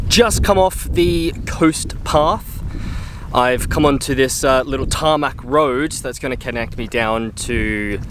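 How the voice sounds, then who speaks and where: An upbeat man talks to a handheld camera while hiking a coastal trail. His voice sits at an ordinary middle pitch, chatty and loose, with frequent fillers. Faint outdoor noise hums behind him. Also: a bit bright. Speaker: hiker vlogger. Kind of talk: casual travel vlog.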